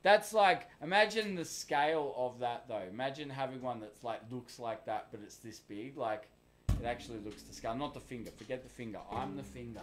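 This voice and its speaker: A man's voice: medium pitch, fairly quick, fairly bright tone, slight background noise. An Australian man hosting a casual live studio session, rambling and joking, swearing freely. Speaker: host. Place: recording studio.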